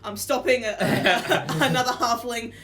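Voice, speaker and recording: A woman's voice: on the high side, steady tone, moderate pace, background noise. A woman narrating as game master of a tabletop game, with giggles and many fillers.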